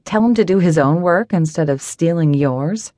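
A woman's voice: fairly low pitch, animated, moderate pace, mellow, no echo, close to an everyday voice. A woman voicing a dry, sardonic office coworker. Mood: dry, teasing. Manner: dry, wry delivery.

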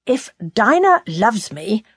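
A woman's voice: on the high side, big pitch swings, slow pace, breathy edge, no room sound, full character voice. A woman voicing an indignant young man who speaks with heated, scornful emphasis in a storybook reading.

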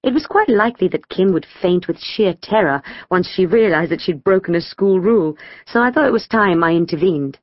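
A woman reads a children's story in the first person, her pitch bouncing all over. The studio sound is dry and a little dull, close and without room echo. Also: fairly quick. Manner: lively storytelling, voicing schoolgirl dialogue. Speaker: audiobook narrator.

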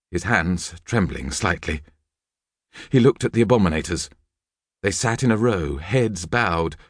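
A man narrating a children's audiobook with lively, expressive storytelling. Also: fairly low pitch, slightly rough, no echo, studio quality.

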